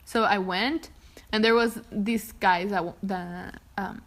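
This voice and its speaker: A woman's voice: medium pitch, steady tone, takes it slowly. Young woman casually chatting on a podcast. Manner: rambling, swears and laughs often. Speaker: podcast co-host. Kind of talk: casual chat, reading a ghost story aloud.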